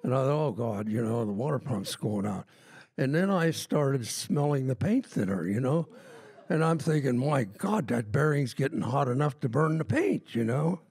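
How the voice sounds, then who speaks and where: An older man at an open mic telling a rambling anecdote before his song, with many pauses and fillers. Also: medium pitch, expressive, darkish tone, slightly rough, no echo. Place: live open mic at a music event. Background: plucked autoharp playing.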